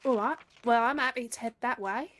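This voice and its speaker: A woman's voice: a little high, brisk, a bit bright. A British woman in casual in-character roleplay chat, blunt and swearing freely. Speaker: roleplay player.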